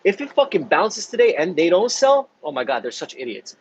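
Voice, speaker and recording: A man's voice: sits high, sing-song, brisk, dull audio, a little hiss or hum. A man, a stock trader, explaining his trades in a blunt, heated, swearing way, often tagging lines with "right?". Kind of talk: casual profane explainer.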